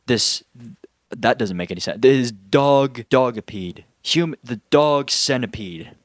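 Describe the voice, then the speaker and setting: A man's voice: mid-range voice, animated, slow, no room sound, clean studio sound. A young man giving a casual, joking movie review, rambling and saying "like" a lot. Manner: rambling, joking, heavy use of filler "like".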